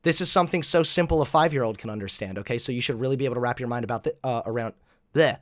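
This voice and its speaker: A man hosting reaction commentary, animated, mocking and profane. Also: medium pitch, racing. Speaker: host.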